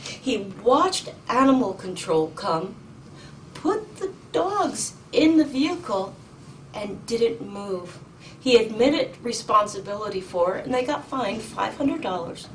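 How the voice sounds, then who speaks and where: A woman's voice: a little high, expressive. Indignant woman testifying in court. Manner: urgent, indignant, halting with ums and restarts. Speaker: petitioner in court. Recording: distant mic with faint noise.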